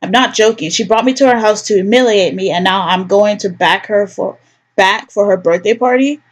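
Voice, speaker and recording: A sulky young man, read by a woman playing through a story game, stubborn and grumbling. He talks back flatly and refuses to budge. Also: mid-range voice, moderate pace, natural voice.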